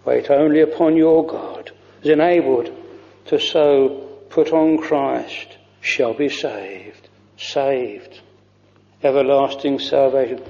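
A man delivering a slow, fervent sermon in an old-fashioned preaching manner. His voice is mellow and dark, and it sits a little high for a man. The recording is dull and lo-fi, with long reverb from the church around him.

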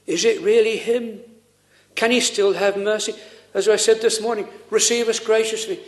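A man preaching a sermon in an earnest, pleading way, full of pauses and rhetorical questions. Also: high voice, steady tone.

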